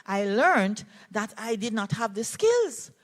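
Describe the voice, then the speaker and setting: An older Jamaican woman, a play therapist, telling a personal story in an animated way at a conference talk. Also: a little high, slow. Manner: animated storytelling, voices quoted speakers. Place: conference hall.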